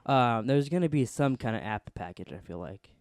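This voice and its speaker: A young man co-hosting a casual podcast chat, excitable and rambling, laughing often. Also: mid-range voice, moderate pace, no echo, studio quality. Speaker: podcast co-host.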